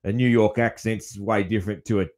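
A man's voice: lowish voice, steady tone, brisk, darkish tone. Laid-back man, broad Australian accent. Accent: broad country Australian. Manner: laid-back, chuckles often. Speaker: podcast host. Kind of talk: casual interview.

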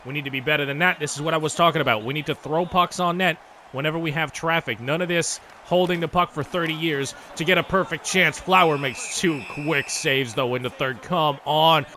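A man giving excitable, casual commentary over a hockey video game, swearing freely and talking to the players on screen. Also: a little high, fairly quick, slight background noise. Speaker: gaming YouTuber. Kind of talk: live gameplay commentary.

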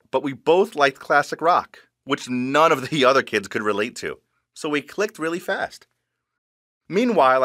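A man recounts a first-person tale with an animated, lively delivery. His voice sits slightly high, and the pitch swings widely from phrase to phrase. The sound is close and dry, with no room around it. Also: dry recording. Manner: expressive, animated storytelling. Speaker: storyteller. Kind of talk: first-person scripted story narration.

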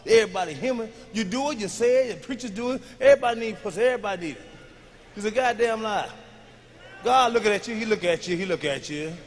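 A man performing a stand-up comedy routine on a big stage, telling profane stories with a swagger, jumping between shouts and low asides. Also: quick pace, big-room sound. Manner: loud, swaggering, profane storytelling with sudden shouts and drops to a murmur. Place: large live venue on stage.

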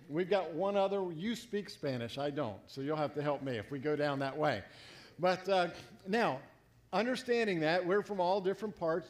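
A man from South Florida preaching a sermon to his congregation, telling folksy stories with humor and playful inflections. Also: a little high. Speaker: pastor. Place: church sanctuary.

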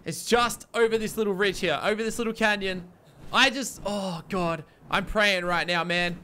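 A man's voice: high voice, normal speed, bright, forceful tone, slight background noise. A young man commentating his survival game, panicked and exasperated, repeating himself. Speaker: gaming YouTuber. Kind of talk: let's play commentary.

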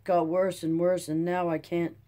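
A reader voicing a weary, talkative Dust Bowl farmer in a folksy, rambling drawl, in a calm audiobook telling. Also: medium pitch, normal speed, lightly acted. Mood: hopeful. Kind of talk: audiobook character reading.

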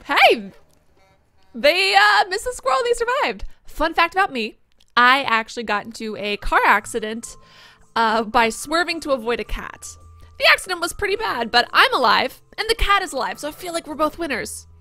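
A woman's voice: high-pitched, sing-song, sharp tone, no echo. A woman hosting a let's play, chatting casually and playfully as she comments on the game and cracks jokes. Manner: playful, jokey, quick to exclaim.

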